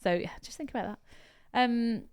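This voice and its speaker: A woman co-hosting a podcast in a casual chat, blunt and animated, telling stories full of quoted dialogue. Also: a little high, moderate pace, clear, resonant tone. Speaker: podcast co-host.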